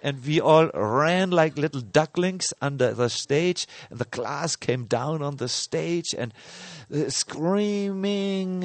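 Slow, halting middle-aged male preacher. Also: mid-range voice, no room sound. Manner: slow, halting, many fillers and restarts. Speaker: spiritual teacher. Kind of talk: sermon with personal story.

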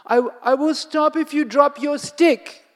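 Krishna, a high pleading little boy god voiced by the narrator. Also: measured pace. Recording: long hall reverb, faint music.

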